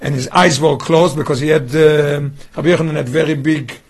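Husky high-voiced man teaching a class. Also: steady tone, brisk. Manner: questioning, restarts phrases, quizzes students. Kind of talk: Torah study class.

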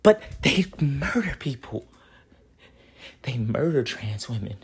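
Heated male commentator, middle pitch, cursing, loud peaks, then drops low. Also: big pitch swings, takes it slowly, breathy edge. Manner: angry, profane, repetitive "right?" tags; swings from loud outbursts to low hushed lines. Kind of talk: heated monologue addressed to a comedian.

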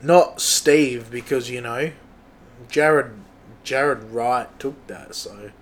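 A young adult Australian man hosting a solo podcast, thinking aloud in a halting, muttering way with a lot of swearing. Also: medium pitch, a little hiss or hum. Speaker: podcast host. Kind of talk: casual solo podcast chat.

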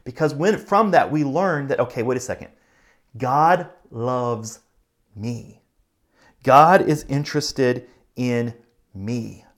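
Earnest man preaching conversationally. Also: medium pitch. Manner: conversational preaching, earnest, speeds up and slows for emphasis. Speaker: pastor. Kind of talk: sermon.

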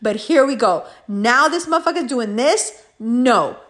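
A woman telling a story in a vlog, animated and heavy on profanity. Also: on the high side, a little slow.

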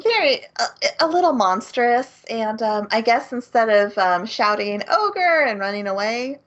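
A woman's voice: fairly high pitch, expressive, unhurried, fairly bright tone. A woman co-hosting a casual anime podcast, recapping the plot with giggles and frequent ums. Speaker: podcast co-host. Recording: slightly dull lo-fi recording.

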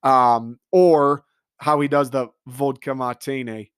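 A man delivering an excitable, profane comedic rant monologue, riffing with mock quotes. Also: mid-range voice, takes it slowly, clear, resonant tone, dry recording, studio quality. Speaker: comedic commentator.

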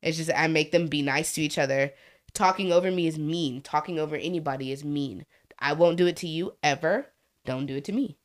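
A woman's voice: low voice, a little fast. A young woman telling stories from her school job on a podcast, swearing freely and acting out the kids' voices. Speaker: podcast co-host, school staff. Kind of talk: casual storytelling chat.

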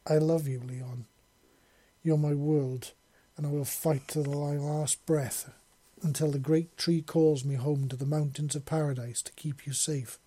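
A man's voice: on the high side, dark tone, slightly rough, no echo. A man voicing a lovestruck, devoted and possessive female dragon-woman in an audiobook, making earnest, tender declarations. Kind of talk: audiobook character voice.

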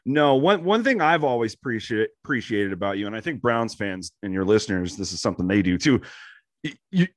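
A man's voice: lowish voice, big pitch swings, brisk, no room sound. A man in a casual podcast conversation who gives supportive, agreeing replies and praises his guest. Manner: supportive, short backchannel replies.

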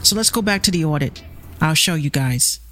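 A woman's voice: low-pitched, lively intonation, fairly quick, fairly bright tone, faint music behind. A woman with a Bronx accent hosting her show, ranting with heated, profane, confrontational energy. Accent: Bronx New York. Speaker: show host. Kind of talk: ranting commentary vlog.

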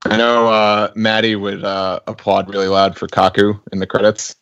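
A lower-voiced man on a podcast who pauses often and fills the gaps with "uh" as he talks. The sound is dry and close to the mic, with no room in it. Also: flat delivery, vocal fry, a bit bright, smooth, no room sound, highs cut off. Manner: hesitant, many uh fillers. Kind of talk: casual podcast chat.

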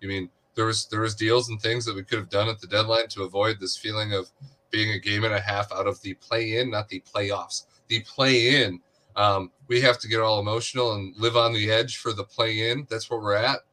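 Sarcastic man, bright voice. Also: lowish voice, fairly even intonation. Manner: sarcastic, quick jabs. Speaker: sports podcast co-host. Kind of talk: casual sports chat.

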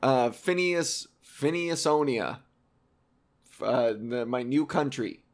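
A man's voice: mid-range voice, expressive, slow. A young man hosting a casual explainer monologue, rambling and sarcastic, with profane asides. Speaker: video host.

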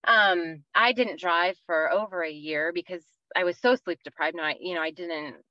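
A woman's voice: lowish voice, fairly even intonation, moderate pace, bright, forceful tone, no echo, lo-fi sound. A woman from the East Coast of the United States, in her thirties, telling an earnest personal faith story as a podcast guest, with many fillers.

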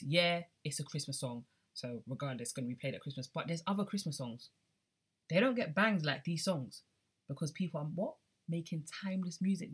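A woman's voice: low voice, breathy edge. A young adult woman hosting a casual music podcast, chatty and drifting between accents. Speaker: podcast host.

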